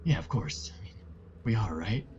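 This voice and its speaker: A man's voice: lowish voice, expressive, normal speed, a little mellow, breathy edge, dull audio. A man playing a tabletop game casually, asking the game master lots of questions. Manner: chatty, asks lots of questions. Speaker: player.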